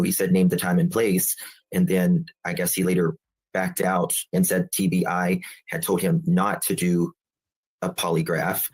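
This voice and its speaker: A man with a deep, husky voice gives a halting account as a guest, full of fillers. His pitch stays flat and low throughout. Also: rough recording. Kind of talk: explaining on a call-in show.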